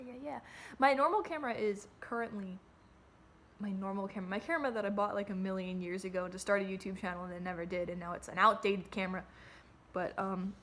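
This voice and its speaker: A woman's voice: medium pitch, vocal fry, fairly bright tone, a little hiss or hum. A young adult woman talking candidly to her phone camera at home, rambling, swearing freely and often restarting her sentences. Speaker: vlogger. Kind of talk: casual rambling monologue to camera.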